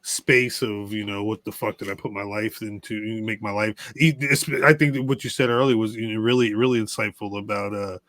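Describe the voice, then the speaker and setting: A man co-hosting a podcast speaks in a bright, forward voice, recorded close and dry. He talks thoughtfully, hesitating and restarting his sentences. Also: fairly low pitch, fairly even intonation, normal speed, hardly any pauses, dry recording. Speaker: podcast co-host. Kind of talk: casual chat.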